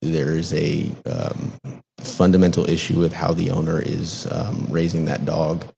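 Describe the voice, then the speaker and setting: A man being interviewed as a city council member, answering in a measured, earnest way. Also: a bass voice, level tone, vocal fry, dark tone, a little hiss or hum. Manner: measured, earnest, civic talking points.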